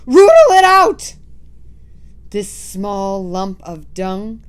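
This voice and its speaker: A cruel witch queen, as a woman reading aloud puts her on, imperious and loud. She barks orders in a raised, high voice, at times slow and drawn out. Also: big pitch swings, heavily acted. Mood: screaming orders. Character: commanding, cruel female witch leader.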